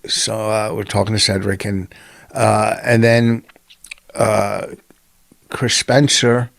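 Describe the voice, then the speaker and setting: A man's voice: fairly low pitch, level tone, takes it slowly, creaky, no room sound, clean studio sound. A man co-hosting a comedy podcast, telling long, rambling anecdotes in casual banter.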